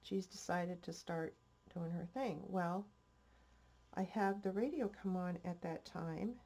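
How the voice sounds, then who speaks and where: Older lady crafter rambling slow and easy, mellow tone, kinda stuffy nose. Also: on the low side. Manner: chatty, rambling, homespun. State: stuffy-nosed. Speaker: crafting channel host. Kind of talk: casual crafting vlog chat.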